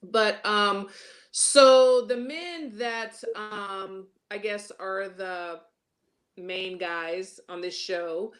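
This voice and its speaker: A woman hosts a relaxed talk show. She talks in an animated way, loose and full of fillers. Her pitch sits in an ordinary middle range. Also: very slow. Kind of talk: casual chat.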